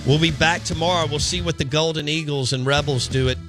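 A man hosting a radio show, upbeat and quick to plug events. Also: a little high, steady tone, a bit bright, faint music behind. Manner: upbeat, laughs easily, plugs events. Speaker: radio sports show host. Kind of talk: casual radio chat.

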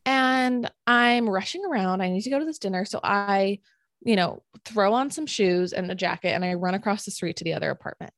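A woman's voice: medium pitch, fairly quick, dry recording. Chatty young woman telling a story. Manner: animated, filler-heavy storytelling with acted-out quotes. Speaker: podcast co-host. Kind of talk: casual storytelling chat.

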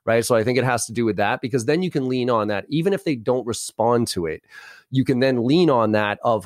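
A middle-aged man, talking through sales tactics in a rapid, animated podcast interview and acting out both sides of a sales call. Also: medium pitch, dry recording, clean studio sound. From Boston area, US. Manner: rapid, animated, role-plays sales calls. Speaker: sales trainer, guest.

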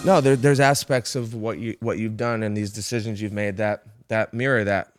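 A man in a casual podcast conversation, reflecting haltingly, searching for words and swearing casually. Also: on the low side, fairly even intonation, over loud music.

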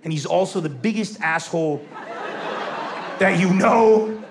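A man performing stand-up comedy storytelling, animated, bursting into loud shouts as he acts out characters. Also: sits high, a little slow, background noise. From Lebanon. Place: large venue with a live audience. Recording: echoey hall with crowd laughter.

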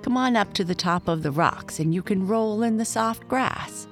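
A woman's voice: mid-range voice, moderate pace, faint music behind, voice pushed up, lightly acted. A woman voicing a kind young female goat in a storybook reading, sympathetic and fussing.

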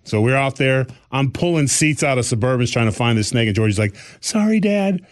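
A man co-hosting a podcast, telling a story in an animated way and acting out the people in it. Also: medium pitch, quick pace. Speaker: podcast co-host. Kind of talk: casual chat.

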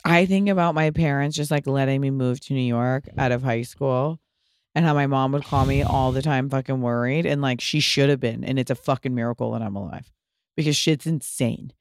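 Podcast host: woman in her 30s, smooth clear voice, dry close mic, animated, casual swearing. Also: rumbling low, moderate pace, dry recording. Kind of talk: casual chat.

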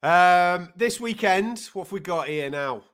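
A man co-hosting a boxing talk show, chatting casually with lively, exasperated banter. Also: sits high, a little slow. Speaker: boxing podcast co-host. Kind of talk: casual chat.

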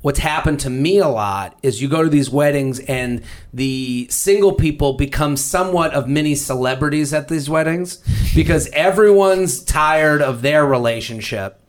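A man's voice: a little high, moderate pace. A man in his thirties hosting a podcast, chatting casually, rambling through stories with crude jokes. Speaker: podcast host. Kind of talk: casual chat.

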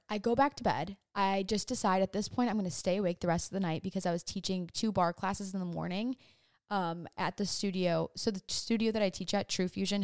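A young woman tells a scary hotel story to her viewers in a casual, animated rush, full of "like" and restarts. Her voice sits in a middle range for a woman. The sound is close and dry, with no room around it. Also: medium pitch, smooth, no echo. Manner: animated, breathless retelling with many fillers. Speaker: vlogger.

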